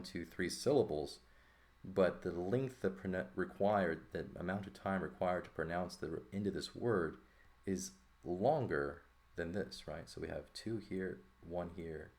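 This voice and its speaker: A man with a very low, gravelly voice explains a language lesson at an easy pace. He thinks out loud and keeps checking in with the listener. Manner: relaxed, thinking aloud with frequent "right?" checks. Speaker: Greek teacher. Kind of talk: casual lesson walkthrough.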